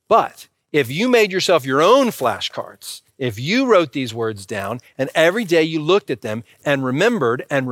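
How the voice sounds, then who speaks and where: A man's voice: mid-range voice, a bit bright, dry recording, studio quality. A man preaching a sermon in a conversational way and speaking directly to the congregation. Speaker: pastor.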